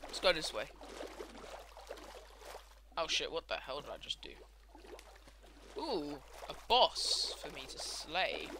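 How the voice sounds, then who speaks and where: Young man, sweary gameplay ranter, bouncy, high voice. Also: takes it slowly, pauses often, slight background noise. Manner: swears a lot, ranting, excitable outbursts. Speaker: gameplay commentator. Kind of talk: casual gameplay commentary.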